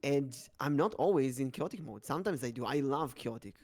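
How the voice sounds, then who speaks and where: A man co-hosting a podcast, chatting casually about streaming in a lively, slightly halting way. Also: medium pitch.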